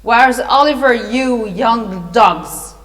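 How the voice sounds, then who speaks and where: A woman voicing a frantic old male thief who shouts threats and whispers nervously, read aloud in a storybook lesson. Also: mid-range voice, steady tone, moderate pace, lightly acted. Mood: furious. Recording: long hall reverb.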